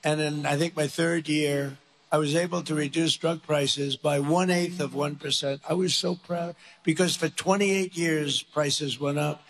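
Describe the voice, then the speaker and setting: A man's voice: fairly high pitch, fairly even intonation, unhurried, fairly bright tone, slight background noise. A man giving a rambling, boastful rally speech, repeating numbers and drifting into asides. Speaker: politician speaking at a rally.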